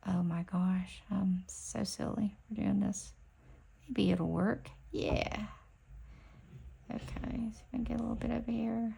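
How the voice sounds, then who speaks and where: Gravelly, husky, slow-talking woman. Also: medium pitch, fairly even intonation. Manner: chatty, rambling, drifts into soft whispers while working. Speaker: nail art vlogger. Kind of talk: casual chat while stamping nails.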